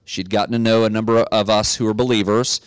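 A middle-aged man preaching a sermon, telling a story in a relaxed way and building to emphatic exhortation. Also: on the low side, fast talker, clear, resonant tone, no echo. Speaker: pastor.

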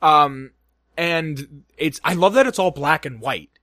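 A man's voice: on the high side, slow pace. A man co-hosting a casual gaming podcast, retelling game moments with swearing and laughs. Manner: animated, swearing, laughing storyteller. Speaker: podcast co-host.

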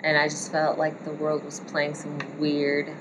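Very low, flat-voiced woman telling a story. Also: a little slow, background noise. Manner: relaxed, chatty storyteller. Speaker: tattoo artist. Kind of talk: casual storytelling chat.

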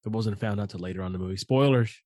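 A man's voice: sits low, level tone, racing, mellow, dry recording. A man in his late forties chatting casually with a friend about a movie, loose and profane in his banter. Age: 40s. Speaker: podcast co-host watching a movie. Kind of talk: casual chat.

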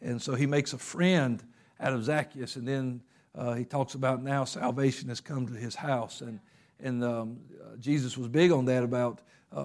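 A man preaching a sermon in a conversational way, acting out little quotes and often pausing with fillers. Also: mid-range voice, fairly even intonation, darkish tone. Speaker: pastor.

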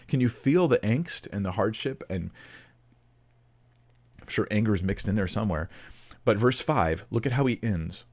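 A man's voice: fairly low pitch, lively intonation, normal speed, pauses often, a little mellow. A man giving an informal Bible teaching in a conversational way, thinking aloud with fillers and restarts. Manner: reads scripture with rising emphasis. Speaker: preacher.

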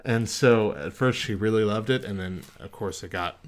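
A man's voice: on the low side, normal speed. A man co-hosting a podcast in casual chat, laughing often as he reads out questions. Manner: giggly, laughs often while reading out questions. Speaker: podcast co-host.

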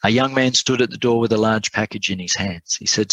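Low-voiced man telling a sermon story. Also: fairly quick, hardly any pauses, a bit bright, dry recording, rough recording. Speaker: preacher.

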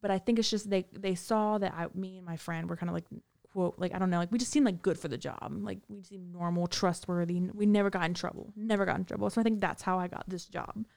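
A woman's voice: lowish voice, steady tone, quick pace, gravelly, a little mellow. A woman rambling through stories of her time in prison, in a casual interview. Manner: rambling, many fillers and restarts. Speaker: guest recounting prison time. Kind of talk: casual storytelling.

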